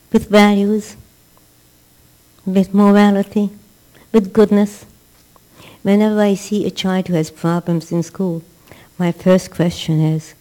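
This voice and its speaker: Mellow-voiced woman giving an emphatic religious class. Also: medium pitch, rough recording. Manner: emphatic, repeats words for stress, acts out quotes. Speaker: rebbetzin teaching a class. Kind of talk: religious lecture.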